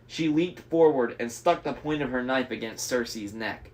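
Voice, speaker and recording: A man's voice: medium pitch, normal speed, few pauses, darkish tone. A young man reading a novel aloud, breaking off for enthusiastic, chatty fan commentary. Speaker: audiobook reader.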